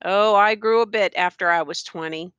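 A woman voicing a tall, calm and firm plainclothes policeman who speaks matter-of-factly. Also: mid-range voice, normal speed, smooth, dry recording, highs cut off, lightly acted. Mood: friendly.

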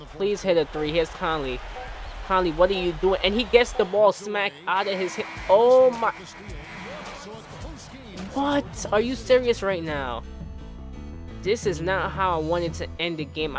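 A young man commentating his own basketball video game play for viewers, animated and exasperated at his teammates. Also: a little high, low-quality recording. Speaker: gaming YouTuber. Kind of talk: live gameplay commentary. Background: game music and sound.

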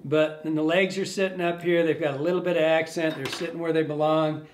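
Relaxed man explaining fly tying. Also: fairly high pitch, a little fast, slight background noise. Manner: relaxed, rambling, thinking aloud while working. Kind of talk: casual step-by-step demonstration.

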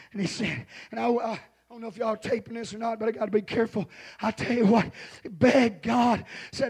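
A man preaching a revival sermon as pastor in a church, hollering in rising shouted refrains. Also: very high voice, gravelly, slightly rough.

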